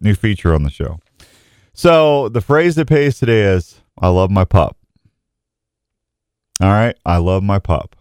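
A man's voice: medium pitch, a little mellow, clear, resonant tone, no room sound, studio quality. A middle-aged man hosting a radio show, talking in a folksy, rambling way. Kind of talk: casual radio talk.

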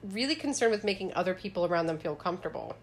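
A woman's voice: on the low side, animated, racing, a little hiss or hum. A woman co-hosting a podcast in casual chat, talking emphatically and swearing freely. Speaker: podcast co-host.

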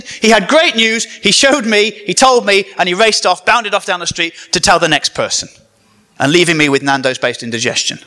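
A high-voiced man preaching with a comedian's timing, his pitch swinging widely as he jokes and banters with the crowd. His tone is bright and forceful, full of animated energy. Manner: animated, joking, banters with the audience. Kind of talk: comedic sermon to a live audience.

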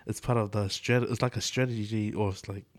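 A middle-aged New Zealand man talks in a fairly low voice, loose and chatty, swearing and laughing as he goes. The sound is dry and close, with no room around it. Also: fairly even intonation, brisk, no room sound. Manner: loose, swears a lot, laughs often, fillers like "eh" and "bro". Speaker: podcast co-host. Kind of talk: casual chat.

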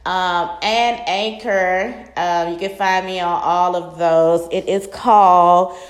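A woman's voice: fairly low pitch, level tone, a little slow, roomy sound. A woman hosting her own podcast in casual solo chat, talking bluntly with lots of profanity, rambling and restarting her sentences. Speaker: podcast host.

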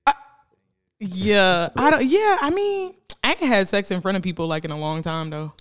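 Animated young woman telling raunchy stories. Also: medium pitch, normal speed. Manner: animated storyteller, voices friends in quotes, laughs often. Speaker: podcast co-host. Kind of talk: casual explicit chat.

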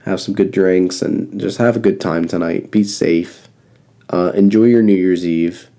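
Low, dark-voiced congested man on a podcast. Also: measured pace. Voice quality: flat monotone. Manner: rambling, repeats advice with fillers. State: congested and coughing. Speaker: podcast host. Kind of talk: casual solo podcast talk. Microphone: close podcast mic.

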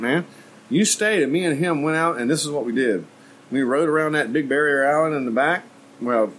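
A man's voice: mid-range voice, a little hiss or hum, poor audio. A man co-hosting a podcast, telling gross-out stories in casual chat with plenty of laughter. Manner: laughing storyteller, graphic and joking. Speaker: podcast co-host.

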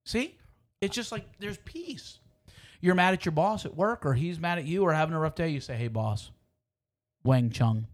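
Playful higher-voiced man riffing. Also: animated, brisk. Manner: playful, riffing on a running joke. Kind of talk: casual comedic banter.

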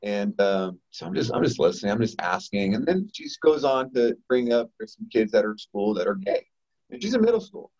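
A man tells a story casually on a podcast as a guest, lively and acting out what people said. His voice sits fairly low. The recording is muffled and lo-fi. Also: fairly quick. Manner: animated, acts out quotes. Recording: dull lo-fi audio.

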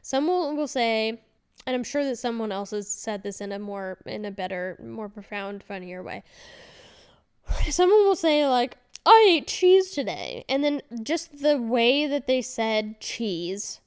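A woman's voice: fairly high pitch, lively intonation, a little slow, darkish tone, clear, resonant tone. A woman in her thirties hosting a casual solo podcast, rambling candidly with fillers and self-corrections. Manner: chatty and candid. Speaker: podcast host.

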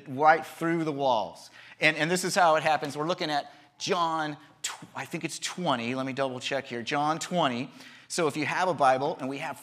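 A man's voice: fairly high pitch, fairly bright tone. Conversational male pastor preaching. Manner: conversational, repeats words, acts out voices. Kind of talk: sermon. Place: church.

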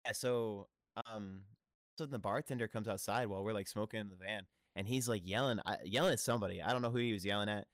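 A man's voice: lowish voice, fast talker, no echo, clean studio sound. A man who plays in a band, telling rambling stories with lots of laughter in a casual podcast chat. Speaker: band member guest.

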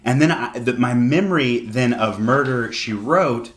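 A man guesting on a comedy podcast, telling stories in an animated, self-mocking way with frequent laughter. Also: mid-range voice, a little slow. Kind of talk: casual comedic podcast chat.

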